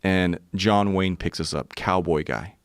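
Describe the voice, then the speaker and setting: A man's voice: sits low, measured pace, clear, resonant tone, no room sound. A man in his forties telling a profane, vivid story as a podcast guest. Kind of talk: casual storytelling.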